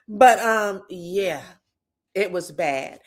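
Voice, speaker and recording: A young adult woman gossiping and commenting on reality-show drama. She is animated and profane and often laughs at her own jokes. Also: mid-range voice, extremely slow.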